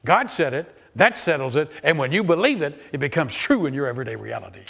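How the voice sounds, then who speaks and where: Fast and creaky, with a fairly high pitch, a man delivers a sermon full of repetition. He reads scripture and performs the quoted voices in an animated way.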